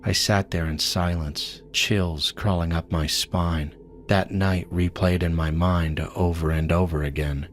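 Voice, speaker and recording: A man narrating a scripted horror story in a measured, steady way. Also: sits low. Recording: voice-over with music behind.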